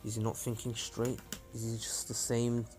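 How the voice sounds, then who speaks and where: A man's voice: medium pitch, monotone, moderate pace, darkish tone, faint music behind, lightly acted. A man voicing a stern female village leader in a worried, questioning manner.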